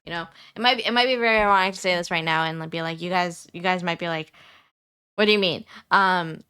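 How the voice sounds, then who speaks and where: A young female streamer chats loosely with her audience in a high voice that sometimes goes squeaky, wandering off topic and repeating herself amid lots of fillers. She talks fast with fairly level intonation, and her clean tone sounds pushed and bright.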